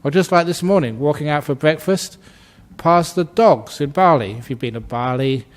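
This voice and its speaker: A man giving a Buddhist dharma talk, telling stories in a gentle, humorous way and laughing often. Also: a little high, moderate pace. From Australia. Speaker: Buddhist monk teacher.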